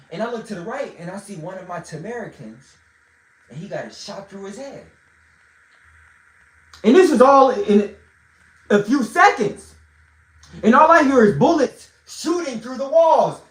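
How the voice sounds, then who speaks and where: A man livestreaming from a phone, telling a story in an animated, profane way with bursts of shouting. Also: sits high, unhurried, long pauses, reverberant, low-quality recording. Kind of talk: storytelling monologue.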